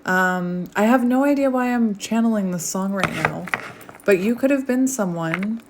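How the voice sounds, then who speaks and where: A woman giving a casual tarot reading, rambling and chatty with many fillers, sometimes dropping to a soft near-whisper. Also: medium pitch, normal speed, noisy background. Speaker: tarot reader. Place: home, outdoors light fading.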